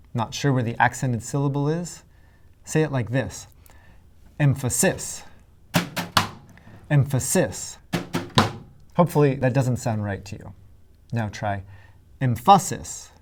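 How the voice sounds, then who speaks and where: A man who teaches writing, giving a scripted lesson in a clear, deliberate way and stressing his example words heavily. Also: mid-range voice, background noise. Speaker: writing instructor. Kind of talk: scripted educational narration.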